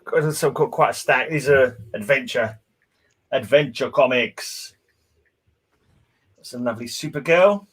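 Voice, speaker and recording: A man's voice: mid-range voice, unhurried, pauses often, fairly bright tone, slightly rough. A man hosting a casual livestream chat, laughing often. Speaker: stream host.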